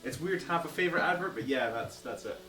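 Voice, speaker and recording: A man's voice: on the high side, expressive, quick pace, sharp tone, faint music behind. A young man with a Scottish accent chatting casually on a cooking stream, rambling and full of fillers. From Scotland. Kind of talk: casual chat.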